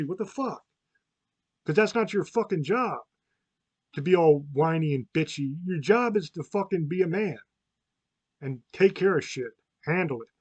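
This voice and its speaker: A man's voice: fairly high pitch, no echo. A man, hosting a podcast and talking bluntly, swearing a lot and getting worked up. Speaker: podcast host. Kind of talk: profane podcast monologue.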